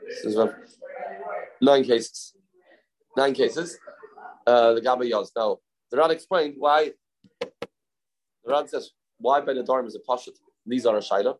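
Man thinking aloud through a Talmud class. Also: medium pitch. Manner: thinking aloud, repeating phrases, mixing Hebrew terms into English. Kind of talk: informal Talmud lesson.

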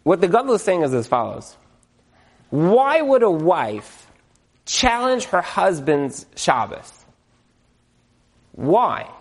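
Guy with a kinda high voice doing a funny torah-style talk to a crowd, keeps asking "right?". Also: slow pace, long pauses. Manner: animated, joking, asks the audience questions; uses Jewish religious terms. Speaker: speaker giving a talk to an audience. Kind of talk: humorous religious lecture.

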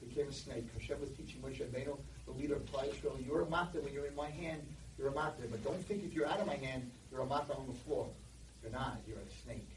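A man giving an animated sermon to boys, telling stories, recorded in an echoey hall from a distance. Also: mid-range voice, fast talker, a little hiss or hum. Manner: animated, storytelling. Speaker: speaker addressing boys.

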